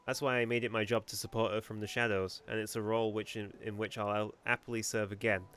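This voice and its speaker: A man reading as a gruff pirate marksman. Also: lowish voice, level tone, fast talker, a bit bright, natural voice. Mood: earnest. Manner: reading game dialogue aloud. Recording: faint music behind.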